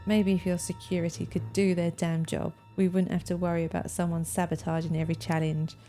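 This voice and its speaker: A woman's voice: fairly low pitch, flat delivery, brisk, warm tone, soft background music, close to an everyday voice. A woman reading as a prickly, defensive older woman contestant in a murder mystery game, speaking curtly and with indignation. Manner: curt, indignant.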